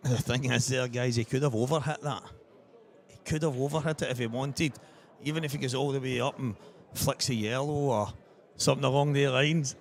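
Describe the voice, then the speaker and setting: A man's voice: mid-range voice, steady tone, a little fast, gravelly. A man giving live commentary on a pool match and chatting to viewers as guys.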